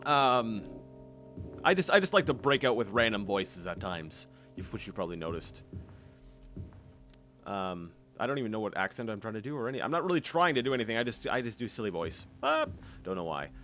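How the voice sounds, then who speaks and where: A man commentates his gameplay in a casual, rambling way. He stops and restarts often, piling up fillers, and his pitch rises and falls a lot. Faint guitar music plays behind him. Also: very animated, a little fast, a bit bright. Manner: rambling, self-correcting, many fillers. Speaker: let's play host.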